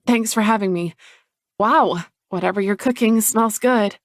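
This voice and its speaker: A woman voicing a gentle, earnest young woman in an audiobook, speaking softly and a little higher than her narration. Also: a little slow, no echo, studio quality, natural voice. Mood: warm.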